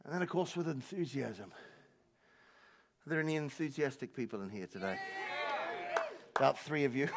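A male pastor preaching a passionate sermon at a church service, stumbling over repeated words, breaking into laughter and rising to shouts. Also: mid-range voice, lively intonation, moderate pace, long pauses, some chatter behind.

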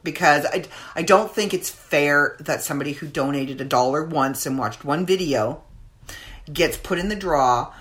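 Low-voiced lady rambling on her podcast, chatty, lots of ums. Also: moderate pace, fairly bright tone. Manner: chatty, rambling, with many fillers. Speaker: podcast host. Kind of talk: casual chat.

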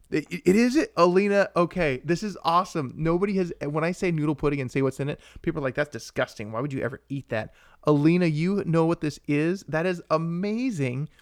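A young man co-hosting a live-streamed podcast, chatting casually in a rambling, excitable way while he answers viewers. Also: on the high side, smooth, dry recording, clean studio sound. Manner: rambling and excitable, with frequent restarts and asides to viewers. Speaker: podcast co-host.

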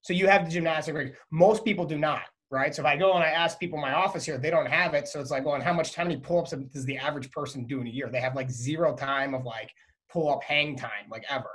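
Animated storytelling man, slightly high. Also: quick pace. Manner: animated storytelling, acts out his son. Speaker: podcast guest. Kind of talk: casual interview chat.

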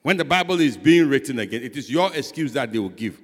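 A man, a pastor preaching a sermon, swinging between loud and soft and asking rhetorical questions. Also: mid-range voice, lively intonation, fast talker, few pauses. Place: church hall. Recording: long church hall reverb.

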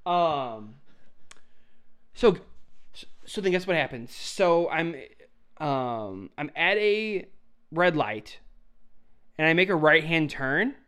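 A young man tells a rambling, profane story in relaxed podcast chat. His voice sits a bit high for a man and comes out smooth and clear. He laughs through the telling and keeps it loose. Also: slow pace, pauses often. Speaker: podcast co-host.

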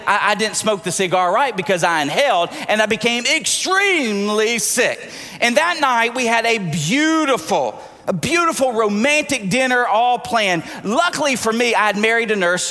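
A man in his forties preaching in a large church, his high, bright voice ringing with long reverb. He tells animated, jokey stories and acts out the dialogue in them. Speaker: pastor. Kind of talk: sermon with personal storytelling.

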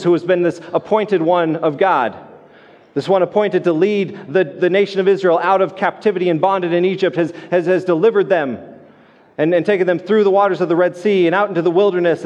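Male pastor, casual sermon voice pitched a little high, stumbles and restarts, in a church with long reverb. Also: darkish tone, highs cut off. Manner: conversational, many restarts and repeated words. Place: church sanctuary.

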